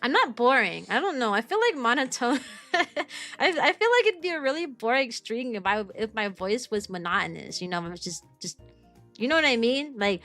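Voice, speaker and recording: A woman's voice: a little high, very animated, brisk, a bit bright, soft background music. A young woman from the United States, a streamer who teaches kindergarten, chatting casually with viewers and rambling with restarts and fillers. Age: young adult. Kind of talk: casual chat answering viewers.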